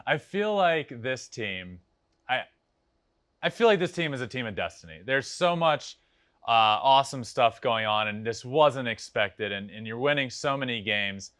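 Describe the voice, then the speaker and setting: A young man hosting a podcast, chatting casually and telling animated, laughing stories. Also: medium pitch, moderate pace, clear, resonant tone, no room sound, clean studio sound. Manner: animated storyteller, laughs often. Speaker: podcast host. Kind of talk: casual interview chat.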